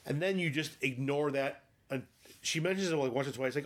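A man's voice: on the high side, brisk. Sweary rambling man chatting about a movie. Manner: rambling, sweary, acts out quotes. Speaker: podcast co-host. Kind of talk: casual movie chat.

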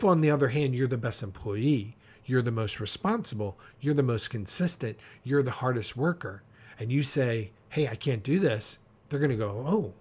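A man preaching a practical podcast sermon, emphatic and direct, acting out quick quotes to make his points. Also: mid-range voice, a little mellow.

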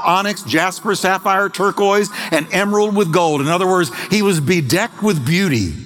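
High-voiced preaching pastor in a reverberant hall. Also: male voice, fairly bright tone. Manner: emphatic preaching, slows and stretches key words. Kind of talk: sermon. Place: church sanctuary.

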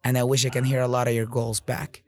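A man's voice: mid-range voice, level tone, fast, a little mellow. A man hosting a casual motivational podcast monologue, blunt and profane, with lots of "like" and "you know". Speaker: podcast host and business owner.

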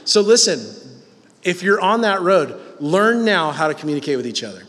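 A man's voice: high voice, lively intonation, normal speed, fairly bright tone, in a large hall. A man in his thirties preaching in a humorous, self-mocking, conversational way. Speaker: pastor. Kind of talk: sermon.

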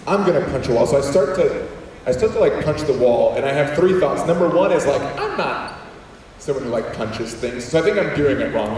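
A man, a comedian and former teacher, telling humorous stories to an audience in an animated, self-deprecating way and acting out quotes. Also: medium pitch, slight background noise. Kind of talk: humorous storytelling talk to an audience. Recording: echoey hall heard from far off.

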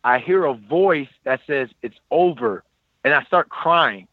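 A man in his thirties casually telling a personal story, animated and acting out what others said. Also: a little high, unhurried, no room sound, narrow, tinny audio. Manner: animated, quotes people in lively voices.

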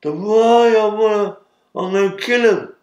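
Guy doing a drugged-up big prisoner, slurry and begging, pitched up, echoey room. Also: measured pace, a little mellow, lo-fi sound. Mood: agitated. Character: heavily drugged big male prisoner, weak, desperate.

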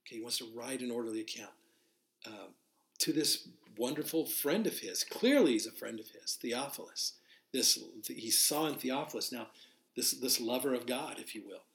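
Speaking live to listeners, a male pastor goes through the Bible one verse at a time in a relaxed, off-the-cuff way, restarting sentences, dropping in fillers and spelling out Greek words. His mid-range voice is expressive and fairly bright, at a moderate pace, with a reverberant sound.

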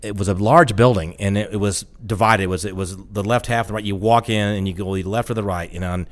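A man's voice: lowish voice, steady tone, quick pace. A man co-hosting a podcast in casual chat, laid-back, chiming in with short replies and jokes. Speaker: podcast co-host.

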